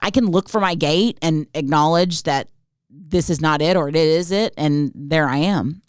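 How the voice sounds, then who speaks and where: A woman hosting a podcast, telling a comic story as an exasperated, animated rant full of rhetorical questions. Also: low-pitched, normal speed, clear, resonant tone, no echo, clean studio sound. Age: adult, not Gen Z. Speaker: podcast host. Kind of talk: comedic storytelling monologue.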